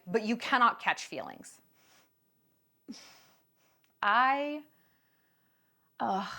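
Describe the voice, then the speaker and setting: A woman's voice: on the high side, a bit bright. A woman hosting a vlog, giving sarcastic, mocking commentary with plenty of emphasis. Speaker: vlog host.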